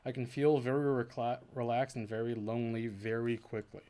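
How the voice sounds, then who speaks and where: On his own VTuber stream, a man talks casually and briskly, thinking out loud and rambling. He keeps correcting himself and restarting sentences, dropping into low mumbles before breaking into high, animated emphasis.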